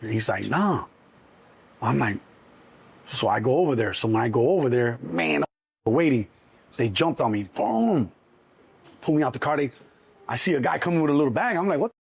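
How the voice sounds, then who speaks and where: Gravelly man telling street stories. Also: medium pitch, moderate pace, long pauses, no room sound. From Chicago. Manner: animated, acts out cops and himself in quotes. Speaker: interview guest. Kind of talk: storytelling in an interview.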